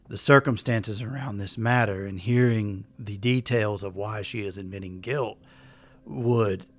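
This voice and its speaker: Courtly Confederate ghost, slow and low; a game master puts him on. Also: male voice, natural voice. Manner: measured, courtly, formal. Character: formal male Confederate ghost advocate.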